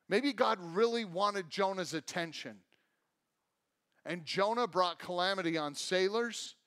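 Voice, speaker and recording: A man's voice: high-pitched, fairly bright tone. A man preaching a sermon as a pastor, telling stories and acting out the voices of people in them. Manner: storytelling, acts out quoted voices. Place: church sanctuary.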